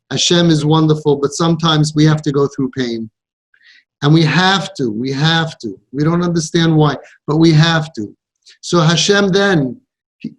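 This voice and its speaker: A man coaching parents in an impassioned counseling talk, stressing points by repeating them and mixing in Yiddish and Hebrew words. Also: on the high side. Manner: emphatic, repeats phrases for stress.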